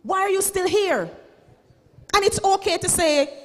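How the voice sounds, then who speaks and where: A woman's voice: very high voice, a little slow, long pauses, big-room sound. A Jamaican woman in her forties, a school principal giving a dramatic, preachy motivational speech and slipping into Patois. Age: 40s. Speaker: school principal and keynote speaker.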